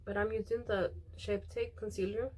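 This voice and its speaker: A woman's voice: medium pitch, flat delivery, normal speed, darkish tone, slight background noise. A young woman vlogger talking casually as she does her makeup, rambling with lots of fillers and retelling what others said. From Mexican. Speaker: beauty vlogger. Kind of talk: casual chat while doing makeup.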